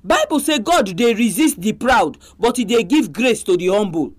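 Nigerian woman preaching with lively pitch. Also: normal speed. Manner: exhorting, full of rhetorical questions. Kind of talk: sermon in Nigerian Pidgin.

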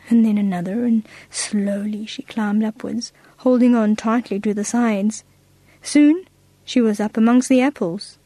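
Gentle woman reading a storybook. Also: fairly high pitch, no room sound. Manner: gentle, expressive read-aloud.

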